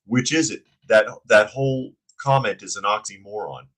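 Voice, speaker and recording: A man's voice: fairly low pitch, moderate pace, fairly bright tone, low-quality recording. A man hosting a news opinion show who talks in a sarcastic, blunt way and reads out viewers' chat comments.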